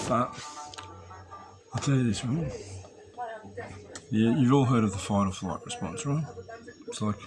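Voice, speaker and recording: A man's voice: medium pitch, normal speed, pauses often, over music. Swearing Australian man ranting. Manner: heavy swearing, rambling, conspiratorial. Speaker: vlogger addressing preppers. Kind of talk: rambling profane rant.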